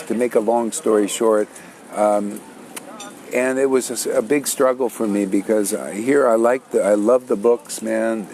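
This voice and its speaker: A man's voice: fairly low pitch, a little mellow. An older man, telling his spiritual story in a rambling, casual way with many restarts. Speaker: spiritual teacher.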